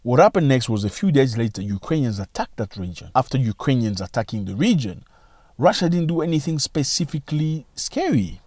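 A man giving opinion commentary on current events in a video, emphatic and full of rhetorical questions, his pitch swinging widely as he argues. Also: big pitch swings, fairly quick, darkish tone, no echo, studio quality.

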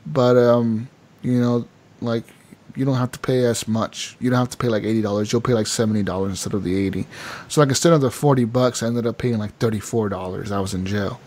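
A man co-hosting a gaming podcast, telling a long story in a loose, animated way, full of fillers and quoted voices. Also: mid-range voice, fairly quick. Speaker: podcast co-host. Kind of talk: casual gaming podcast chat.

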